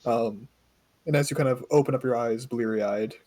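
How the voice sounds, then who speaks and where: A man narrating as game master of a tabletop game, relaxed and halting with many fillers. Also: medium pitch.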